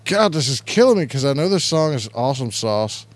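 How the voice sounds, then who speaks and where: A man's voice: medium pitch, sing-song, a little fast. A man hosting an internet radio show, chatting casually and crudely, rambling and reading out chat messages. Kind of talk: casual live-stream chat.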